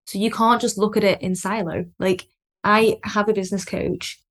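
A woman's voice: mid-range voice, steady tone, moderate pace. A woman hosting a casual podcast chat, agreeing and conversational in manner. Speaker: podcast host.

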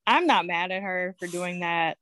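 A woman casually chatting about a TV episode, chiming in with quick reactions and comments. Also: fairly low pitch, fairly bright tone, dry recording. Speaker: TV recap podcast co-host. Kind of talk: casual episode recap chat.

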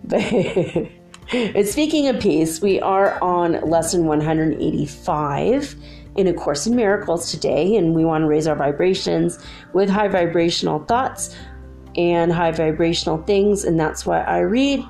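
A middle-aged woman with a low, gravelly voice tells a story in a loose, rambling way. She fills her talk with casual asides and soft fillers. Her tone is warm and mellow, with faint music behind her. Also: animated, unhurried. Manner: rambling, chatty, many fillers. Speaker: spiritual video host.

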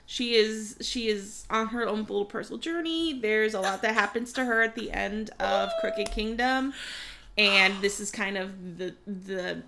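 A young woman co-hosting a casual book chat, animated, swearing freely and trailing off mid-sentence. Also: medium pitch, measured pace, creaky, a little hiss or hum. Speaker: podcast co-host.

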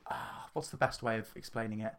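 A man's voice: lowish voice, a little fast, a bit bright. A man with a southern English accent, co-hosting a casual podcast chat and laughing often. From southern England. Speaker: podcast co-host.

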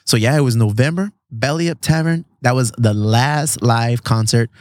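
A man's voice: mid-range voice, normal speed, no echo, clean studio sound. A man in his thirties from San Diego, hosting a casual podcast outdoors, laid-back and full of swearing and "bro.". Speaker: podcast host. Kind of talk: casual chat. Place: outdoors in a backyard treehouse.

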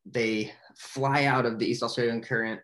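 A young man casually retelling a movie plot in a rambling way, full of "like" and excited acted-out quotes. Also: medium pitch, normal speed. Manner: rambling, filler-heavy with frequent "like". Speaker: movie recapper. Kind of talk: casual spoken movie recap.

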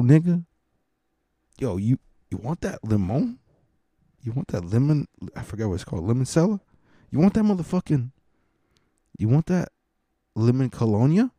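A man imitating his pushy, teasing younger brother, who talks in rapid, profane street slang. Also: medium pitch, huge pitch swings, dark tone, no echo, clean studio sound, voice pushed up.

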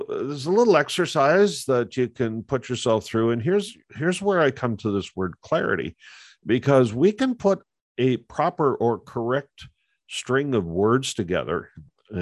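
A man's voice: mid-range voice, no room sound, clean studio sound. A man talking earnestly in a conversational podcast, with frequent fillers and restarts as he makes his point about communication.

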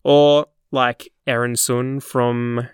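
A man's voice: medium pitch, flat delivery, drawn-out words, smooth, no echo, studio quality. An Australian man co-hosting a podcast in casual chat, laughing often and talking with many fillers. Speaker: podcast co-host.

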